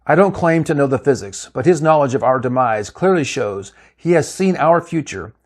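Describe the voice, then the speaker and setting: A man voicing a cautious, logical male science officer who reasons in a measured way, in a read-aloud story. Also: medium pitch, lively intonation, lightly acted. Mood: calm.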